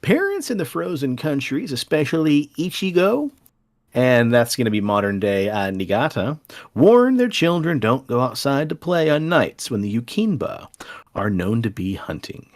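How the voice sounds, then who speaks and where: A man's voice: medium pitch, sing-song, moderate pace. Playful, dramatic male podcast storyteller. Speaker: podcast host.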